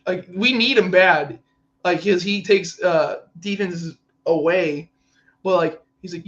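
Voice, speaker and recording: An excitable, high-voiced man vents about his team in a casual podcast chat, slipping into mock voices as he quotes players. The sound is a little dull and lo-fi, like a home setup. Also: moderate pace. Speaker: podcast co-host.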